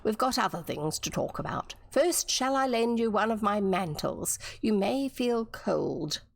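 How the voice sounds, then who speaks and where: A woman voicing a male cuckoo bird who talks solemnly and in a measured, businesslike way in a storybook reading. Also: mid-range voice, expressive, vocal fry, dry recording.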